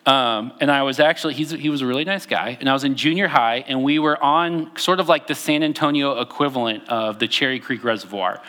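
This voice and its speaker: A young pastor from Texas preaches a conversational sermon, reading scripture aloud with frequent fillers and restarts. His medium-pitched voice sounds pushed and bright, moving briskly with few pauses.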